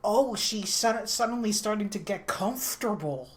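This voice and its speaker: A woman streamer chatting casually and reacting excitedly while she listens along. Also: mid-range voice, normal speed, husky. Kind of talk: casual live-stream chat.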